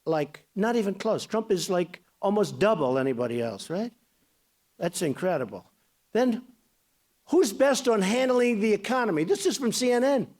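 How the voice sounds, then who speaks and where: A man in his sixties delivers a loose, rambling campaign speech, bragging freely and drifting off on tangents. His voice sits fairly high for a man, and his delivery stays chatty rather than formal. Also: very animated, moderate pace, darkish tone. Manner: boastful, rambling, conversational. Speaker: political candidate.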